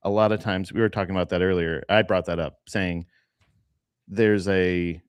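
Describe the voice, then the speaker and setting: A man's voice: low-pitched, steady tone, moderate pace, clean tone, no echo, studio quality. A man co-hosting a casual comedy podcast, laughing often and acting out other people's voices. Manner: laughing, acts out quoted voices. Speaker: podcast co-host.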